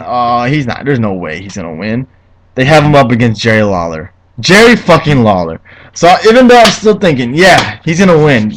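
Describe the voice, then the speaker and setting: A young man talking casually into his own recording, running through a wrestling show and swearing freely as he goes. His voice sits at an ordinary middle pitch. He gets worked up and ranting, trips over his words and starts again. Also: rough recording. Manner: profane, ranting, easily heated. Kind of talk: casual solo review.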